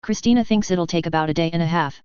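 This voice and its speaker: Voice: mid-range voice, fast, darkish tone, clear, resonant tone, no room sound, muffled recording, lightly acted. A narrator voicing a smug, scheming young male officer who talks in a sing-song way.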